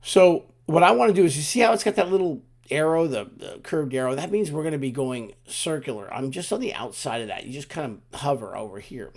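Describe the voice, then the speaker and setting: Male tutorial instructor, relaxed and chatty, lively pitch, walks through every step aloud. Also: brisk, vocal fry, hardly any pauses. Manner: relaxed, talks through each click, frequent restarts and asides. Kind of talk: screen-recorded software walkthrough.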